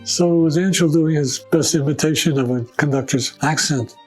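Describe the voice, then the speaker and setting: A man's voice: on the high side, moderate pace, faint music behind, rough recording. An older man recalling his career in an oral history interview, acting out the voices of people in his stories. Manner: animated anecdotes, acting out quoted voices.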